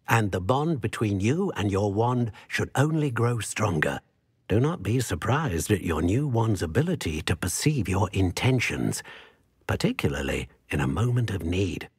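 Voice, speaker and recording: Ollivander, a husky old wandmaker. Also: male voice, on the low side, no echo, clean studio sound, heavily acted. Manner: formal, measured speech. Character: elderly male wandmaker, courteous and grave.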